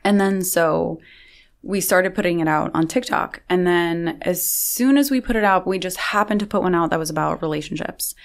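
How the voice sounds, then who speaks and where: A woman's voice: fairly low pitch, moderate pace, creaky. A young woman talking as a podcast guest in a casual conversation, chatty and full of fillers.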